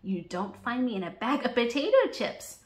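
A woman's voice: a little high, expressive, moderate pace, close to an everyday voice. Chip, a cheerful flying chip, as a woman reads it. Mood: playful. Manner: playful, gently teaching. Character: friendly flying computer chip, cheerful guide. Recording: roomy echo.

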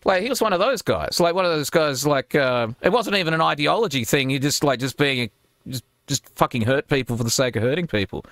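A man's voice: on the high side, lively intonation, brisk, a bit bright, no room sound. Crude rambling man on a dry close mic. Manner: rambling, crude, with mocking put-on voices. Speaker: podcast host. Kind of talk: casual livestream chat.

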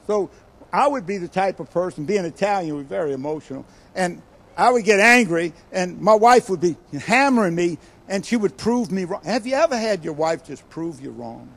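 An older man delivers a sermon as a guest preacher. His voice sits fairly high for a man, and he tells stories with sudden loud, acted-out bursts before dropping into hushed asides. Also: normal speed, gravelly. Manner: animated storytelling, acts out quoted voices with sudden loud bursts and quiet asides.

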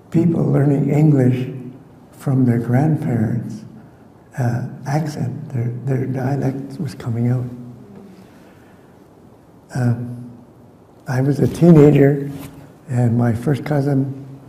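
An older man from Canada, a community elder, giving an unhurried, reflective talk with frequent restarts, recorded in a lecture hall. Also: medium pitch, creaky, mellow.

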